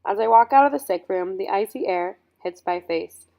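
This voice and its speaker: A woman reading a first-person audiobook in scripted narration, measured and earnest. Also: mid-range voice, creaky, dark tone.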